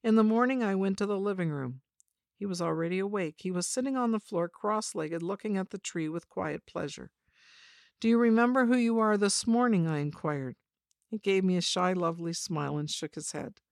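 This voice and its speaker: A woman with a fairly low voice reads a first-person memoir, measured and reflective. The sound is close and dry, with no room around it. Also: gravelly, dry recording. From China. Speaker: narrator of a personal story.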